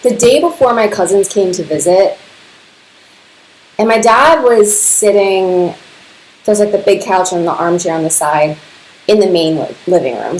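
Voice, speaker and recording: A woman's voice: lowish voice, a little mellow. A woman casually telling personal stories, chatty and laughing often, filling her talk with "like". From Serbian family. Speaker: podcast host. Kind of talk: casual storytelling. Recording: echoey room.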